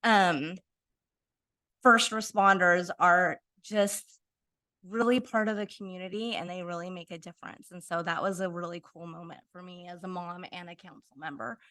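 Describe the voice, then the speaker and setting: A woman city council member giving her report in the council chamber, in a loose and halting way. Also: fairly low pitch, steady tone, bright, forceful tone.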